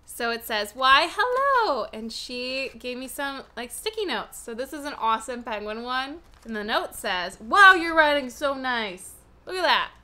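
A young woman chats casually at home as she opens fan mail and reads letters aloud. Her voice sits a little high and sounds bright, and she fills her talk with "like.". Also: clear, resonant tone. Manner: chatty, reads letters aloud, many "like" fillers. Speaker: stationery vlogger opening fan mail. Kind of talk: casual unboxing chat. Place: home room with open window.

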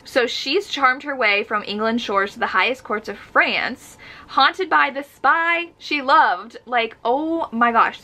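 A young woman talks casually and eagerly about books. Her voice sits a bit high and sounds bright and crisp. She gushes as she goes. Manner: gushing, enthusiastic. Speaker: book vlogger. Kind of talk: casual chat.

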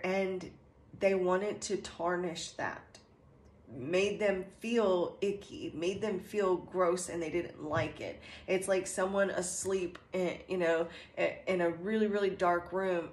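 A woman giving a channeled tarot reading in a slow, earnest way, meandering with many fillers and restarts. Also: on the low side. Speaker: tarot reader. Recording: echoey room with faint ambience.

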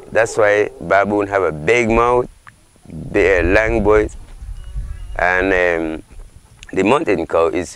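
A man from the Caribbean coast of Nicaragua with a local English accent, telling a folk legend in an unhurried way with pauses. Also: lowish voice. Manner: unhurried, simple phrasing, with pauses. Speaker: community leader telling a legend. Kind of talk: oral folk storytelling.

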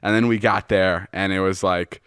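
A man hosting a podcast, telling a story in casual chat, animated, swearing often and laughing as he goes. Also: sits low, moderate pace, clear, resonant tone, dry recording, studio quality. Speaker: podcast host.

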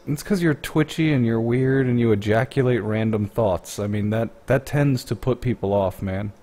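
A man's voice: mid-range voice, moderate pace, dark tone. A man giving sarcastic, blunt and profane commentary on another man's video.

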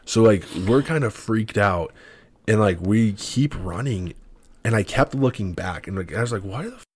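A young man with a lowish, husky voice, telling a long anecdote as a podcast guest. He talks quickly and animatedly in casual chat, constantly dropping "like" as he goes. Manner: fast, animated, lots of filler "like". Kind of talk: casual storytelling.

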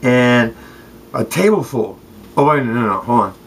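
A man's voice: medium pitch, animated, normal speed, slight background noise, rough recording. A man from Southern California, a former football player, ranting to the camera in a rambling, profane way, full of street slang and calling out people by name. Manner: street slang, addresses people directly, repeats "straight up" and "okay".

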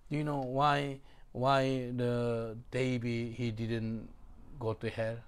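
A man preaching a sermon in a church hall, speaking non-native English with broken grammar. His voice sits at an everyday middle pitch. He is emphatic, repeats key words and draws answers from the congregation. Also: flat delivery, slow pace, clear, resonant tone. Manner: emphatic, repeats phrases, asks the congregation to respond.

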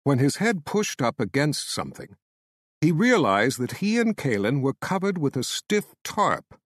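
A man narrating a fantasy audiobook with measured, dramatic storytelling. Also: on the high side, sing-song, no room sound, clean studio sound.

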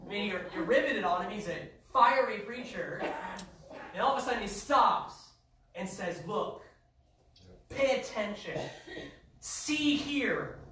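High-voiced man preaching in echoey church. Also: expressive, moderate pace, recorded from a distance. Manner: emphatic preaching, rising to shouts. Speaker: pastor. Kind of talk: sermon. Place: church sanctuary. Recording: echoey church heard from afar.

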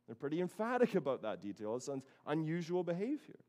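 A man's voice: medium pitch, fast talker, hardly any pauses. Storytelling man preaching a sermon. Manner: storytelling, acting out lively quoted voices. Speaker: pastor. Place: church sanctuary.

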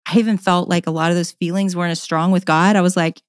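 A woman's voice: on the low side, fairly even intonation, fast talker, dry recording, clean studio sound. A middle-aged woman, a podcast guest, candidly telling a personal story in an earnest, passionate way and often repeating words.

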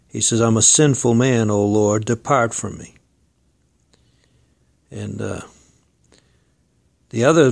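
Male preacher, mid-pitched, gravelly, earnest and exhorting. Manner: earnest, exhorting, addresses listeners as friend and folks. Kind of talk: sermon.

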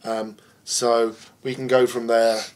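A man's voice: mid-range voice, flat delivery, slow pace. A man co-hosting a gaming podcast, chatting in a jokey, rambling way. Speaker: podcast co-host. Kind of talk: casual podcast chat.

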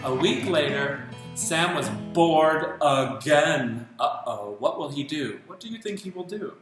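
A man, an English teacher, reading a storybook aloud to children and asking them questions along the way. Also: fairly high pitch. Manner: slow, animated, asks listeners questions. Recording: roomy echo, loud guitar music.

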